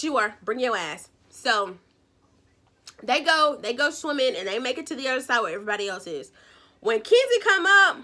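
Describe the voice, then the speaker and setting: Woman vlogger, high bright voice, sassy and animated, casual episode recap. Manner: animated, sassy, acts out characters' lines.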